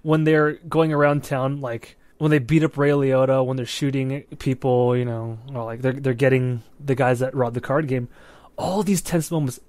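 A man's voice: mid-range voice, moderate pace, dry recording. Profane, chatty podcast co-host man. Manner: animated, profane, keeps checking in with "right?". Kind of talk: casual movie review chat.

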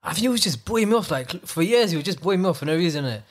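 Fast-talking young man. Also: high voice. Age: 20s. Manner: animated storytelling with slang. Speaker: podcast co-host. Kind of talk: casual chat.

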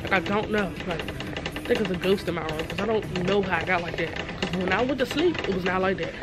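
A woman's voice: fairly low pitch, a little fast. Chatty young woman vlogging to her camera. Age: 20s. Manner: chatty, full of fillers, talks straight to viewers. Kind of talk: casual vlog chat to camera. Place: store, then her bedroom at home. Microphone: camera held or set up by herself.

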